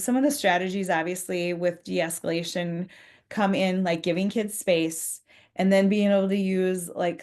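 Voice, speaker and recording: Woman, training talk, earnest, conversational, lowish pitch, short acted example lines. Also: darkish tone. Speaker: school leadership presenter. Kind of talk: professional development talk.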